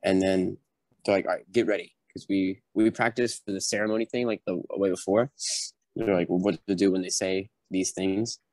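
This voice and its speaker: A young man who is a former recruit guests on a podcast and casually tells a story in a low voice at normal speed. He gets animated and acts out what people said. The recording has no echo.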